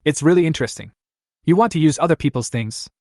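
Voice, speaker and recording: A man's voice: fairly high pitch, animated, fast talker, a little mellow, dry recording, clean studio sound. A man voicing a gloomy, stern middle-aged father who scolds bluntly. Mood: scornful.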